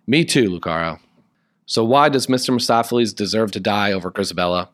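A man's voice: on the low side, brisk, a bit bright, no room sound, clean studio sound. A young man hosting a podcast in a casual, joking way, chatting wryly about a musical and its fan fiction. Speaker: podcast host.

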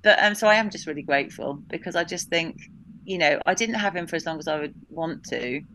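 A woman's voice: low voice, expressive, fairly quick, pushed and bright, a little hiss or hum. A woman guest telling a personal story of grief and gratitude in a candid, reflective way, quoting what others said to her. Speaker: podcast guest.

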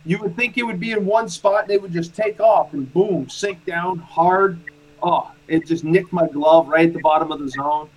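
A man's voice: fairly high pitch, normal speed, low-quality recording. A man and former catcher recalling games in casual chat, poking fun at himself. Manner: self-mocking, rambling recollection.

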